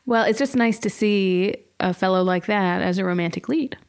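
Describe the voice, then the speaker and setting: A woman's voice: medium pitch, moderate pace, a little mellow, clean tone. A woman co-hosting a podcast, chatting in a friendly, rambling way with apologetic asides. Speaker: podcast co-host. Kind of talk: casual chat.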